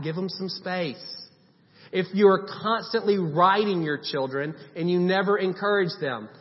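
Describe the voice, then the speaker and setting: A man preaching a sermon in a conversational way, stressing points by repeating short commands. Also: high voice. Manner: conversational preaching with emphatic repetition. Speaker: pastor. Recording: long hall reverb, dull sound.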